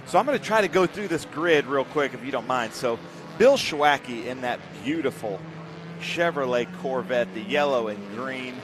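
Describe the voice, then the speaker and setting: A man co-commentating a motor race, rattling briskly through the starting grid with short remarks on the cars. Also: medium pitch, expressive, background noise. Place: outdoors at a race track.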